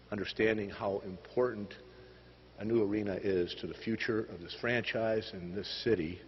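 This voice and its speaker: A man making announcements at a press conference, speaking with many pauses and filler words. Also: lowish voice, a little hiss or hum. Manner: halting, filler-heavy delivery. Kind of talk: public announcement speech. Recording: dull news feed with hall reverb.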